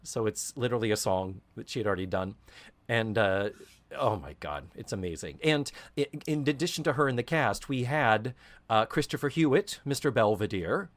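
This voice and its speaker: A man's voice: fairly low pitch, animated, normal speed. A man co-hosting a podcast, talking casually and theatrically, breaking into put-on voices to quote scenes. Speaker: podcast co-host. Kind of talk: casual chat.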